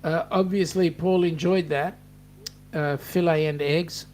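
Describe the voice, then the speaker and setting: A middle-aged man with an Australian accent hosts a casual live chat, rambling warmly through stories and reading out viewer comments with many ums and restarts. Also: fairly high pitch, steady tone, a little slow, slight background noise. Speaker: host of a cruising livestream.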